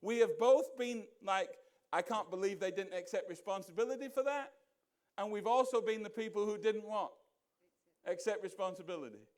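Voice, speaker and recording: A man with a notably high voice preaching a conversational sermon in a church. He keeps putting questions to the congregation and drops into a low mutter when he quotes people. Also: normal speed, a little mellow. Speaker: pastor. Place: church sanctuary.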